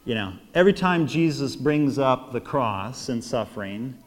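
American man, priest, lively storytelling homily, long reverb of a church hall. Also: mid-range voice, normal speed. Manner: animated storyteller, acts out quotes, laughs often.

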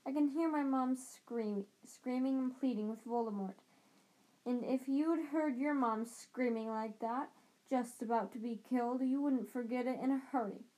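A woman's voice: sits high, normal speed, dark tone, lightly acted, low-quality recording. A woman voicing a haunted teenage schoolboy who speaks intensely. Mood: upset.

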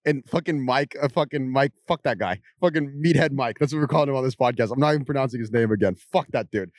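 Dude hosting a podcast, swears constantly, rambles from tangent to tangent, mid-pitch voice, dead dry mic. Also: male voice, dry recording. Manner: profane, rambling, quick tangents; often mimics other people's voices. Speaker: podcast host. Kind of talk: casual podcast chat.

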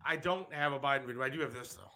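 A man's voice: mid-range voice, rapid-fire, crowd noise. A male talk show host arguing on air, blunt and accusing, and given to repeating himself. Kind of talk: heated on-air argument.

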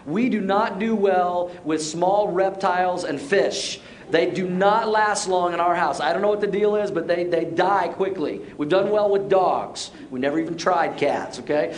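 A middle-aged man preaching a sermon, telling stories with restarts and dropping soft and low for serious points. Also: moderate pace, hardly any pauses, slight background noise. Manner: storytelling, repeats words as he restarts. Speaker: pastor.

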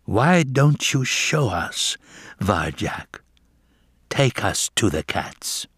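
A man reading a storybook aloud, voicing an old, wise grandfather cat who speaks quietly and gently. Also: lowish voice, very animated, drawn-out words, slightly rough, no room sound, studio quality, heavily acted. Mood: gentle.

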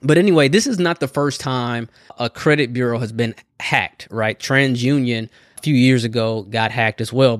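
A man with a mid-range voice hosts a podcast, talking casually on his own in clean studio quality with no room sound. He's conversational, keeps tacking "right?" onto his sentences, and laughs now and then.

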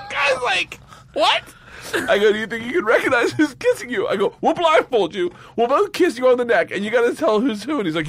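A man, a guest comedian, telling profane stage anecdotes and breaking into high bursts of laughter. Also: sing-song, moderate pace, long pauses, a bit bright, breathy edge, shouting. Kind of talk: storytelling anecdotes.

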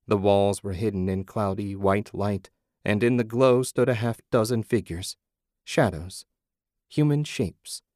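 A low-pitched male narrator reads a story aloud in a measured, low-key manner. The recording is close and dry, with no room sound. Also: a little mellow, dry recording. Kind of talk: audiobook narration.

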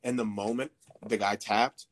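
A man's voice: lowish voice, steady tone, moderate pace. A man in his thirties, a podcast guest, telling a story casually with lots of swearing and fillers. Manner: profane, rambling, filler-heavy.

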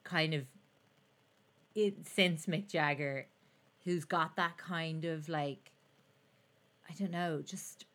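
Woman, podcast host, lowish voice, wry, self-deprecating. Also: slow, long pauses, fairly bright tone. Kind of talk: casual chat.

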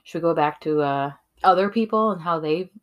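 A woman's voice: low voice, brisk, muffled recording. A woman co-hosting a podcast, candid and reflective in casual chat, swearing casually. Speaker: podcast co-host.

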